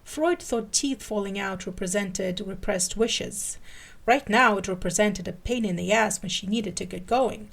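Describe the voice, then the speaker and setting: A woman podcast host giving an expressive dramatic reading of fan fiction. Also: medium pitch, unhurried, creaky.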